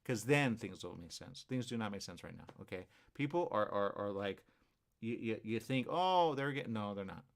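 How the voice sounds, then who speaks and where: A man's voice: fairly low pitch, normal speed, vocal fry. A man hosting a talk show, rambling in a casual monologue, repeating himself and checking in with viewers.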